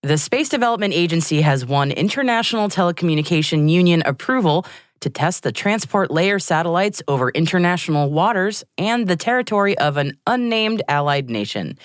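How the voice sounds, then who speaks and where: A woman co-hosting a space news podcast, reading scripted news items with a lively, clear delivery. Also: fairly low pitch, fairly quick, no echo, clean studio sound. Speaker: podcast co-host.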